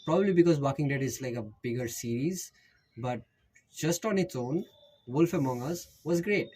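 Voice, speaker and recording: A man's voice: mid-range voice, lively intonation, moderate pace, a little mellow, husky, rough recording. A man with an Indian accent, rambling jokily through casual recommendations as a YouTuber and often correcting himself. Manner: rambling, jokey, self-correcting.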